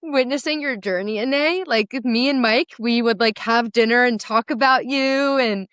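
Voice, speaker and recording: A woman hosting a podcast, affirming her guest as she gets teary. Her voice sits a little high, and the recording is close and dry. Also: moderate pace, clear, resonant tone, no room sound. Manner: warm, affirming, emotional. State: teary, laughing. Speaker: podcast host and sales coach. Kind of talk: casual interview conversation.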